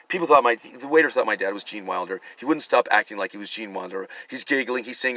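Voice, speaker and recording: Middle-aged man, comedian, profane rambling rant, self-mocking, sharp bright voice, dry close sound. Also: medium pitch, fast talker, few pauses, no echo. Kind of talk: ranting comedic monologue.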